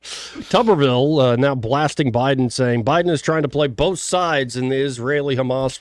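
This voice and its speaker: A man with a mid-range voice hosts a radio talk show at a moderate pace, reading news headlines and riffing on them with jokey asides. The recording is dry and studio-clean.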